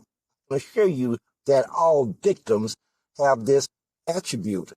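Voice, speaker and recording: Husky, measured man, fierce rhetoric. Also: mid-range voice, animated, mellow, no echo. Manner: rhetorical questions, emphatic repetition. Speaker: political candidate. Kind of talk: impassioned political monologue.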